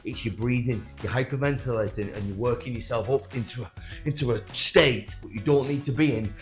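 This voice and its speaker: A man's voice: medium pitch, a little fast, soft background music. A man coaching beginner boxers, giving direct, encouraging instructions while demonstrating. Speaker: boxing coach.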